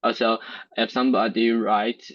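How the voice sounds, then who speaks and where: A man's voice: lowish voice, little pitch movement, normal speed, dry recording. A male English learner, giving short, tentative answers. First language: Chinese. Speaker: English student. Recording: dull lo-fi sound.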